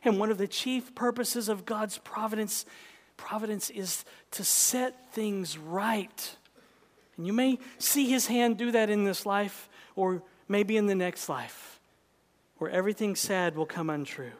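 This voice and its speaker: A male preacher delivering an impassioned sermon, swinging from loud urgency to hushed intensity. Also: high voice, measured pace, long reverb tail.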